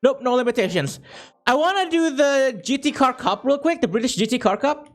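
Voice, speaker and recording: High-voiced man chatting on a game stream. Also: animated, a little fast, soft background music. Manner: chatty, reads chat aloud, jokey and profane. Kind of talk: casual gaming stream chat.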